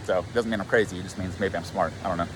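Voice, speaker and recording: A man's voice: low-pitched, fairly even intonation, racing, fairly bright tone, a little hiss or hum. A man and life coach talking in a rambling, profane, self-mocking way in a casual monologue.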